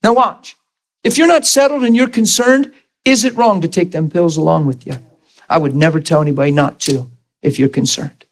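A man's voice: a little high, normal speed. A middle-aged man preaching a sermon, telling a personal story and acting out the voices in it. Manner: animated storyteller, acts out voices, laughs.

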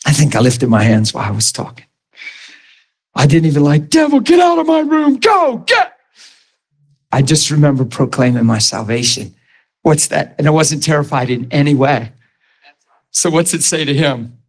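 Speaking at a moderate pace in a medium-pitched voice that's creaky and slightly rough, a man gives an informal sermon to a Bible school class. Earnest and emphatic, he laughs a lot, jokes, questions the room, and performs the voices he quotes.

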